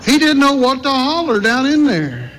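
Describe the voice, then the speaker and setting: High-voiced preacher in a reverberant church. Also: male voice, very animated, fairly bright tone, a little hiss or hum. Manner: folksy storytelling, drawn-out emphasis. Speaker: pastor. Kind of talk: sermon.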